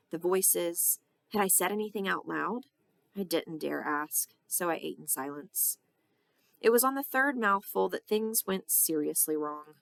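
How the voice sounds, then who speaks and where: A woman teacher reads a children's story aloud, with a low, gravelly voice. The sound is dry and close, and she acts out the dialogue with lively character voices. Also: dry recording.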